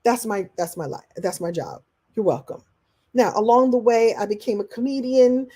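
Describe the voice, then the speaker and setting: Chatty, animated woman coach. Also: fairly high pitch, moderate pace. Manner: chatty, animated, acts out quoted voices; laughs often while talking. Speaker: life coach and speaker. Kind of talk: live online masterclass Q&A.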